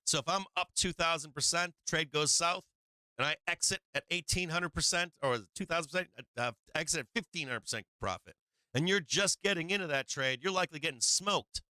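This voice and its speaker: A man with a bright, crisp voice, a little higher than most, chats through market charts on a live stream. He swears freely and sounds worn and strained. The sound is close and dry. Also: fairly quick, no room sound. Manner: profane, chatty, laughing while watching charts. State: strained, tiring voice. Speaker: livestream trading host.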